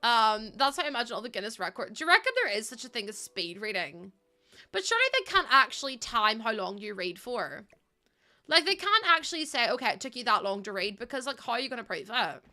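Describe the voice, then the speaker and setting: Young woman streamer, bright, slightly high voice, giggly rambling chat. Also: very animated, fairly quick. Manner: chatty, giggly, rambling anecdotes. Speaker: live streamer. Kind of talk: casual chat while gaming.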